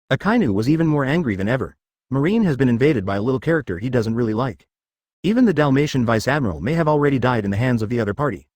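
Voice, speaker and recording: A man reading a fan story aloud as narrator, in an even, stiff delivery. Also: medium pitch, no room sound, clean studio sound.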